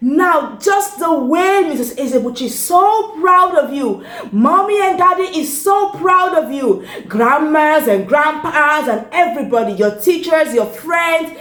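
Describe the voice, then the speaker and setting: A woman's voice: high-pitched, reverberant. A woman reading a story aloud to young children in a sing-song, exclaiming way, often stopping to ask the listener questions. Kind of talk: animated read-aloud storytime.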